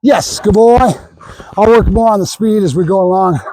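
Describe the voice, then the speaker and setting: A middle-aged man training a dog outdoors, explaining plainly between high sing-song bursts of praise. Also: moderate pace, warm tone, no room sound, rough recording. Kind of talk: casual training demonstration.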